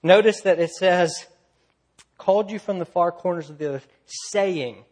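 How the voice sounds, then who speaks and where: A man preaching a sermon, swinging from loud, lively storytelling to quiet, low emphasis. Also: measured pace. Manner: earnest preaching, rising loud in stories, dropping soft and low. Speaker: pastor.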